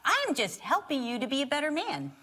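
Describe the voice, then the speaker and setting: A woman's voice: sits high, brisk. A woman telling a story on a church stage beside her husband, acting out what people said. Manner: expressive storyteller, acts out quotes. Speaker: co-teacher on marriage with her husband. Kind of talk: live sermon storytelling. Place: church stage before a live audience.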